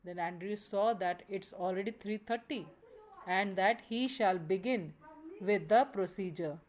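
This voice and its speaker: A woman's voice: mid-range voice, a little slow, darkish tone. A woman teacher reading a story aloud and explaining it line by line, with frequent restarts and self-corrections.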